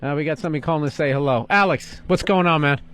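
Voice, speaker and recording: A man's voice: on the high side, rapid-fire, background noise. Sarcastic man hosting call-in radio. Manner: sarcastic, teasing callers. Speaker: radio show co-host. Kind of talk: casual call-in radio banter.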